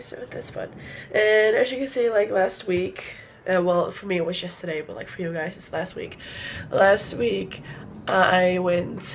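A woman's voice: fairly low pitch, a little hiss or hum. Tired young woman with a sore throat. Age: young adult. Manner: chatty, rambling, self-correcting, mildly sarcastic. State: sore throat from a cold, voice partly gone. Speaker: vlogger. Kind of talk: casual vlog chat.

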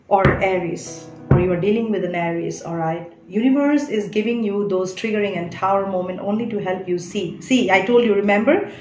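A woman's voice: medium pitch, darkish tone. A woman giving a spiritual tarot reading, earnest and coaxing, often checking "all right?". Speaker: tarot reader. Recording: echoey room.

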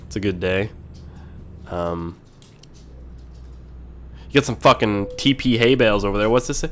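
A man hosting a casual let's-play video while sick, clearing his throat often, excitable and quick to yell and swear when things go wrong. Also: medium pitch, background noise. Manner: excitable, swears and yells at mishaps. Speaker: gaming video host.

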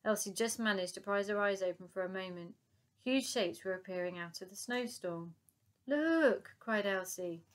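A woman narrating a children's book aloud in a calm, even storytelling manner. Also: medium pitch, a little fast.

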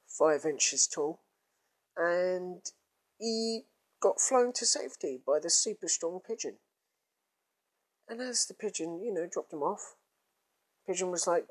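A man telling a crude comic story in a casual, rambling way. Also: high-pitched. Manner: rambling, crude, drawn-out groans.

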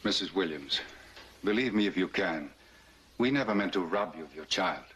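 An intense grieving husband. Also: male voice, low-pitched, animated, normal speed, breathy edge, heavily acted, poor audio. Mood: pleading. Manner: quietly intense, pleading then threatening. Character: grieving wealthy husband confronting a baby-selling doctor. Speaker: film actor. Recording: old 1930s film soundtrack.

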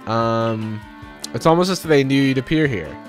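A man's voice: medium pitch, moderate pace, soft background music, natural voice. A man voicing a fussy, proper old-fashioned male professor with formal, slightly pompous phrasing. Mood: prim, fussy.

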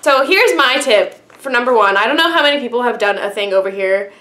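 A chatty, bubbly young American woman talks through a product review vlog, full of fillers. Her voice sits a little high, and the room around her rings with echo. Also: lively intonation, fairly quick, fairly bright tone. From United States. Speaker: YouTube vlogger. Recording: echoey room.

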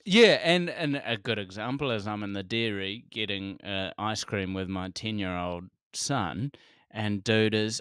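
A man in his forties with a New Zealand accent, a comedian telling stories as a podcast guest, animated, laughing often and swearing freely. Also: on the low side, unhurried, clear, resonant tone, no echo, studio quality. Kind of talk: casual conversation.

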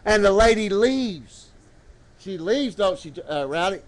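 At a church service, a man delivers a storytelling sermon, calling out to the congregation and swooping into slow, dramatic phrases. His voice is high-pitched and expressive.

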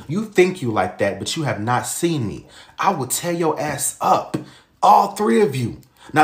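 A man's voice: medium pitch, fairly bright tone, reverberant. A man voicing a stern, threatening middle-aged father who makes blunt threats.

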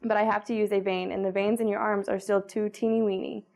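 Gentle father's soft baby talk, read by a woman. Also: medium pitch, little pitch movement, fast talker, creaky, close to an everyday voice. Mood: coaxing. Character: gentle father, a nurturer who cares for newborns.

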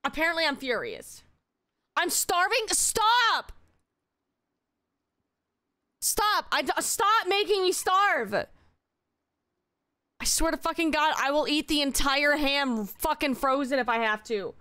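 A young woman streaming a game live, exasperated and swearing as she yells at her chat. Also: sits high, slow, no echo, studio quality.

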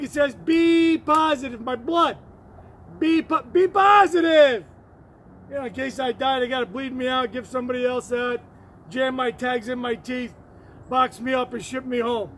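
A man rambling in an excitable way, with sudden shouts and whoops, while walking up a hill outdoors and recording on a phone. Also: very high voice, slight background noise. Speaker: vlogger.

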